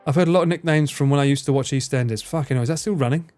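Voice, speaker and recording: A man's voice: fairly high pitch, rapid-fire, a little mellow, smooth, soft background music. A man from England with an Essex accent, chatting casually and teasingly with viewers on a live stream, swearing and laughing often. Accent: English, Essex.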